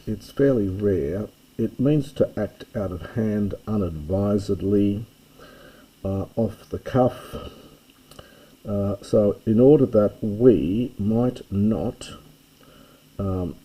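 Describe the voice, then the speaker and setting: An older man teaching a classics lesson, reading an ancient text line by line and explaining each word slowly and carefully. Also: lowish voice, warm tone, husky, poor audio.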